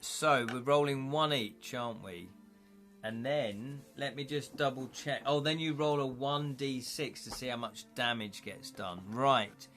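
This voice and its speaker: A man's voice: medium pitch, a little slow, fairly bright tone, soft background music. A man chatting casually on a live stream as he plays through a gamebook, thinking aloud and correcting himself as he counts up dice rolls.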